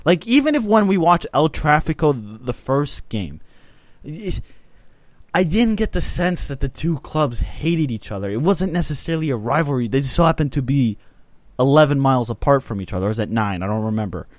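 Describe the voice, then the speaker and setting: A man's voice: a little high, lively intonation, brisk, no room sound. Man, podcast host, casual sports talk, opinionated, dry close sound.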